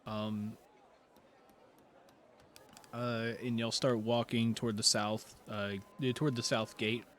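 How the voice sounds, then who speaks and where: A man narrating as game master of a tabletop game, relaxed and full of fillers. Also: medium pitch, slow pace, slight background noise.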